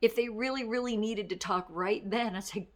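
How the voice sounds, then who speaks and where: A middle-aged woman giving a casual motivational talk as a life coach, candid and self-deprecating, with quick laughs. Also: mid-range voice.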